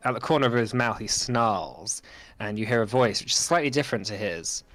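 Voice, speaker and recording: Male game master, slightly low voice, hesitant improvised narration, dry close sound. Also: lively intonation, fairly quick, fairly bright tone, dry recording. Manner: hesitant, many ums and likes.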